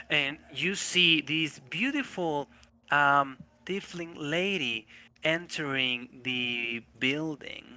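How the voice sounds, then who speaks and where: Gravelly, bright-toned man narrating. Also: fairly high pitch. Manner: casual, loose narration with fillers. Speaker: game master. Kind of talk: narrating a tabletop game.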